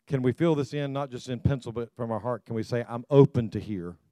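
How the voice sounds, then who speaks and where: A man's voice: mid-range voice, steady tone, fast, warm tone, dry recording. An older man preaching a sermon as a pastor, exhorting the congregation, repeating calls to them and often stumbling and restarting his phrases.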